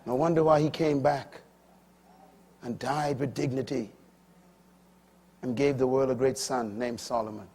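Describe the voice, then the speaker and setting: An older man preaching a sermon, swinging between loud, high emphatic bursts and low, quiet asides. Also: steady tone, unhurried, long pauses, slightly rough.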